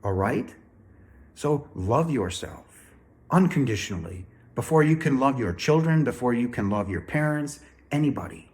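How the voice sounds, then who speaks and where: A man talks straight to his viewers in an earnest, emphatic way. He repeats phrases and keeps calling out to "ladies and gentlemen." He says he is still a little sick. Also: medium pitch, animated, normal speed. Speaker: spiritual speaker. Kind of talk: earnest direct-to-camera talk.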